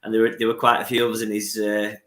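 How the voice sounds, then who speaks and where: A man's voice: lowish voice, monotone, fast talker, sharp tone, roomy sound, slight background noise. A man with a Northern English accent chatting on a video call, easygoing, saying "it were".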